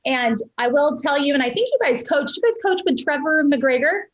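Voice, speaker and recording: A woman's voice: sits high, lively intonation, moderate pace, echoey room, dull audio. A woman, a real estate investor guest on a podcast, talking in a passionate, motivational and emphatic way. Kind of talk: enthusiastic podcast interview talk.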